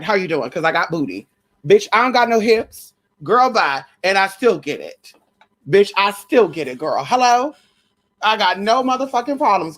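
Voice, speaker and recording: A woman hosting a live stream, chatting casually about celebrity spirits with a sassy, brash, slangy manner and plenty of swearing. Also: medium pitch. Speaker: livestream host. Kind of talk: casual spiritual gossip chat.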